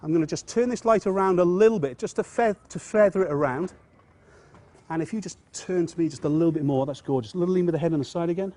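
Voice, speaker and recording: An English man with a slightly raised pitch explains portrait lighting while he shoots. He talks outdoors by the seafront and directs his model with steady encouragement. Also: quick pace. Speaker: photography instructor. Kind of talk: hands-on demonstration.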